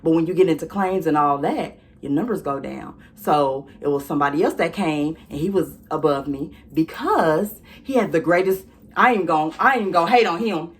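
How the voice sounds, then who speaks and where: A young woman vlogging, telling a storytime straight to her viewers in a sassy, animated way. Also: deep voice, normal speed. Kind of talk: casual storytime chat.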